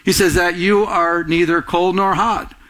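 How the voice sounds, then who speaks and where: A man preaching a sermon, animated, acting out quotes in a raised voice and often restarting his phrases. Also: high voice, measured pace. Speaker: pastor.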